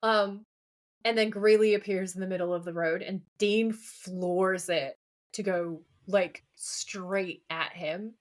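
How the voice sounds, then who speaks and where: Woman, podcast co-host, casual recap, chatty and animated, medium pitch. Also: takes it slowly. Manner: chatty, animated retelling with frequent laughter.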